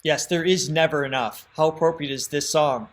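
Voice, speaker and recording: A man's voice: on the high side, fairly even intonation, normal speed. A man co-hosting a song reaction livestream, chatting casually, laughing often and thanking viewers by name.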